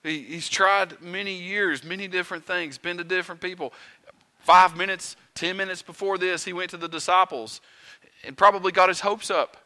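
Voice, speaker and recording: Male pastor, bright and forceful tone, conversational sermon with rhetorical questions. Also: high voice, steady tone, normal speed. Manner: conversational preaching, rhetorical questions, dramatic quiet and loud swings. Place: church sanctuary.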